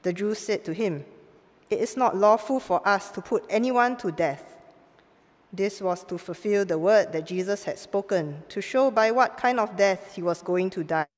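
A woman giving a formal Bible reading in a church service, measured and clear, lifting her voice for the quoted lines. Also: medium pitch. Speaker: scripture reader. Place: church sanctuary. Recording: long church hall reverb.

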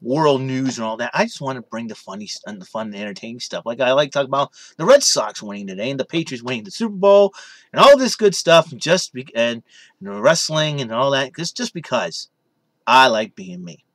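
A man's voice: mid-range voice, big pitch swings, brisk, fairly bright tone, no room sound. A young man casually vlogging from his room in his parents' basement, rambling and saying "you know" constantly. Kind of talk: casual vlog chat.

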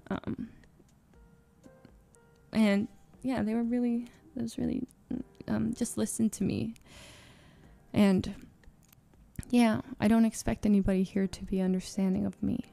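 A woman streamer makes an emotional confession to her audience in a mellow, creaky, mid-range voice. She speaks haltingly and searchingly, restarting phrases, using many fillers and covering gaps with nervous little laughs.

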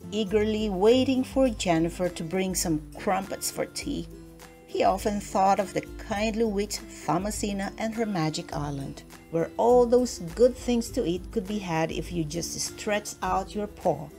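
A woman reads a children's picture book aloud at an unhurried, gentle pace. Her voice sits in an ordinary middle register. Soft music plays faintly behind her. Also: medium pitch, animated. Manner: slow, gentle storytelling with voiced characters. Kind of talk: storybook read-aloud.

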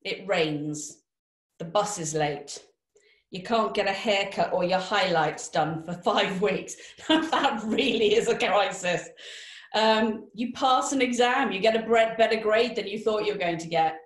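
A woman giving a motivational webinar talk, lively and direct, asking the audience questions. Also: mid-range voice, a little slow, echoey room. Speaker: webinar speaker.

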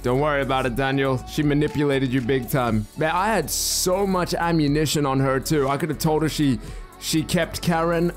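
A man commentates on a story game with loud, slangy reactions. His voice sits fairly high for a man. Faint music plays behind him. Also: moderate pace. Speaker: gaming commentator. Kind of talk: let's play commentary.

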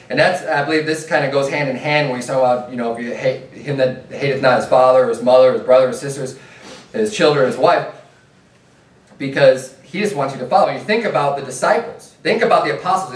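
A man preaching in a church, his slightly high voice carrying through a roomy, echoing space. He sounds set back from the microphone, earnest and plain-spoken as he moves between scripture readings and direct appeals. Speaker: pastor. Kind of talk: sermon. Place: church sanctuary. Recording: echoey room, mic at a distance.

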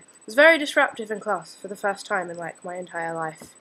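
A woman's voice: mid-range voice, expressive, a little fast, pushed and bright, low-quality recording. A young woman in her late teens with an Australian accent, chatting in a scattered, self-deprecating vlog into a camera she holds herself. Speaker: student vlogger. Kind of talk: casual rambling vlog.

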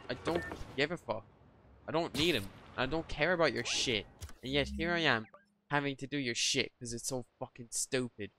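A man's voice: medium pitch, moderate pace, sharp tone. A young man commenting on his gameplay, irritable and grumbling, swearing at the game. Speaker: gaming streamer.

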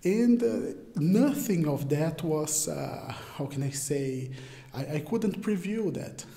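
A man's voice: fairly high pitch, animated, slow pace, creaky, mellow. A young Brazilian man with a Brazilian Portuguese accent and Portuguese as his first language, answering interview questions in English in a hesitant way, often searching for words. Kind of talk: casual interview talk. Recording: roomy echo.

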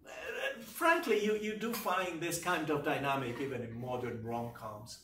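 A man giving a university literature lecture, talking in a deliberate, emphatic way and often checking in with his listeners. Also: mid-range voice, bright, forceful tone, slight background noise. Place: lecture room. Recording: echoey room, voice from far off.

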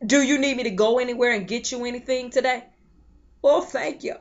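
A woman preaching a sermon with impassioned swells and soft drops, at times breaking into tongues. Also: a little high, brisk, muffled recording. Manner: speaks in tongues between phrases.

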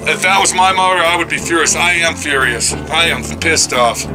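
A channel host at his car shop, slightly high-voiced and moderately paced, walks through a casual vlog in a rough recording. Exasperated, he rants and swears as music runs beneath his voice.

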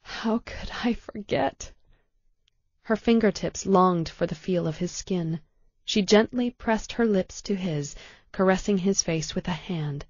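A woman narrating an audiobook in a calm, measured way. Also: lowish voice, dry recording, lo-fi sound. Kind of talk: scripted narration.

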